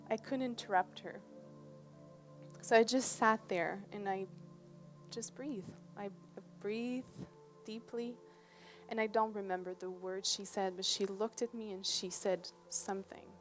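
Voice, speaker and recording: A woman's voice: medium pitch, fairly even intonation, unhurried, soft background music. A woman giving a talk, telling a personal story in a conversational way and often checking in with her listeners. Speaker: presenter. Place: presentation on a cruise ship.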